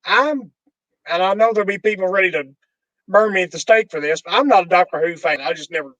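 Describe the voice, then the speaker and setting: A man's voice: high voice, quick pace, fairly bright tone, dry recording, low-quality recording. A man hosting a podcast in casual chat, telling a self-deprecating story with small chuckles. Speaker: podcast host.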